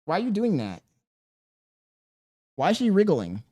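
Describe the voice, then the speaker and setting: A man's voice: sits high, wildly swooping pitch, a little slow, mellow. Defensive rambling male streamer. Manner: defensive, rambling, questioning his chat. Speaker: livestreamer. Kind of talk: casual livestream chat.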